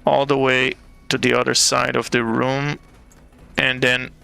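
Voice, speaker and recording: A man running a tabletop game as game master, narrating at an easy pace with frequent pauses to think. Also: medium pitch, completely flat delivery, vocal fry, bright, forceful tone, clean tone. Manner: unhurried, with many fillers and restarts.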